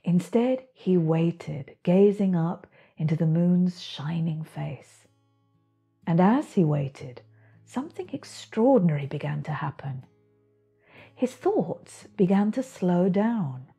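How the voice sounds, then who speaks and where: A woman reads her own children's picture book aloud, slow and gentle with expressive storytelling. Her voice is warm and very breathy, a little low, with faint music underneath.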